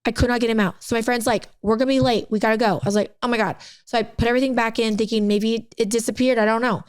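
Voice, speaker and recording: A woman's voice: fairly high pitch, very fast, no echo. A young woman cohosting a casual podcast, telling a story and acting out the quotes. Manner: animated storyteller who acts out quotes. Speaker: podcast co-host.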